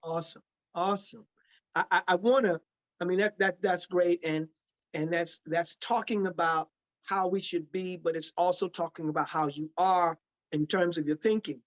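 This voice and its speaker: A man's voice: high-pitched, steady tone, normal speed, a bit bright. A male interviewer in a casual conversation who trips over his words as he goes. He repeats himself and restarts while working his way toward each question. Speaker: interviewer, host.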